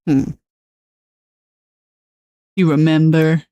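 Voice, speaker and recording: A woman's voice: fairly low pitch, animated, normal speed, no echo. A woman chatting casually on her livestream at home, laughing often and talking in a bubbly way. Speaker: streamer.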